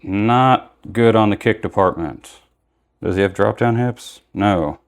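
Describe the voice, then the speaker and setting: A young man with a notably low-pitched voice talks through an action figure unboxing in a loose, casual way. He rambles, backtracks and corrects himself as he goes. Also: slow pace.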